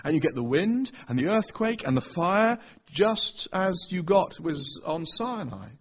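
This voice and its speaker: A man's voice: high-pitched, sing-song, unhurried, breathy edge, muffled recording. A man preaching a Bible teaching sermon, pressing his listeners with rhetorical questions. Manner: asks the audience rhetorical questions.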